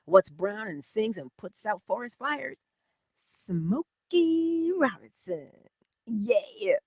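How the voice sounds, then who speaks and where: A woman hosting a morning inspiration livestream, chatting casually and warmly about spiritual ideas. She laughs often and drops into whispers to stress her points. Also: medium pitch, big pitch swings, slow, slightly rough, no echo, clean studio sound. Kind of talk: casual spiritual pep talk.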